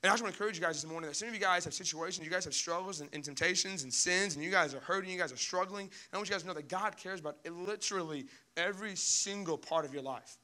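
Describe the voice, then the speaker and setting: This young man is a pastor mid-sermon, spinning lively stories and mimicking panicked people in high, squeaky voices. He speaks very fast and barely pauses.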